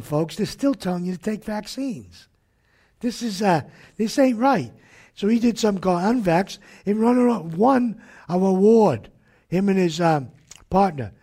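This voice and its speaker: A man hosting a religious talk broadcast, ranting in a combative, preacher-like way with sudden shouted jabs. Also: high voice, breathy edge. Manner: combative and fiery, jabbing at his targets with sudden shouted outbursts.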